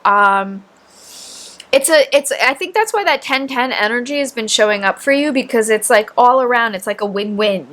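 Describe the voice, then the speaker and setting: A woman with a fairly high voice, reading tarot cards in a loose, chatty way. She gushes over the spread and rambles, tossing in "like" and "right?" as she goes. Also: fairly bright tone. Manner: enthusiastic, gushing; rambling, filler-heavy, frequent "right?". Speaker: tarot reader.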